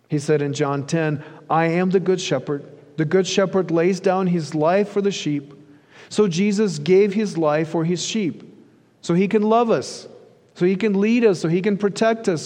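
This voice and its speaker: A man's voice: high-pitched, darkish tone, big-room sound. A man preaching a sermon as a pastor, earnest and rhythmic, building through repeated phrases.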